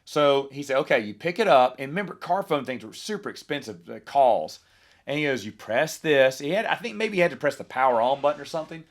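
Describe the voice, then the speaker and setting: A man in his forties hosting a podcast, telling rambling nostalgic stories in a casual monologue with lively asides. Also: mid-range voice, fairly quick. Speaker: podcast host.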